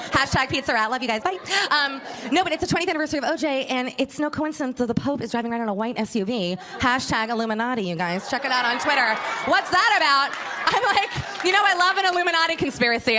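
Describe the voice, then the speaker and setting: A woman's voice: fairly high pitch, noisy background. A woman from Miami doing stand-up comedy, chatty and gossipy, teasing the crowd and laughing often mid-line. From Miami, USA.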